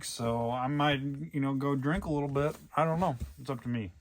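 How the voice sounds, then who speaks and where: A man's voice: mid-range voice, brisk. A young man talking earnestly in a rambling way, with lots of fillers, in a casual personal vlog monologue. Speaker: vlogger.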